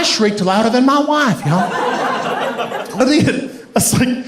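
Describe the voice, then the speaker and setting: A male stand-up comedian telling a story on stage in an animated way, laughing as he goes. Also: extremely high pitch, takes it slowly, long pauses, crowd noise. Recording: echoey room with ambient noise.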